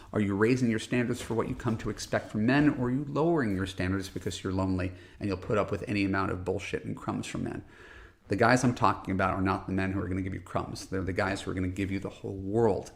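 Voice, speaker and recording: Man, middle-aged, dating coach, solo podcast, deep voice, vocal fry, emphatic, repeats words. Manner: rhetorical "right?" tag questions. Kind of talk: earnest solo podcast monologue.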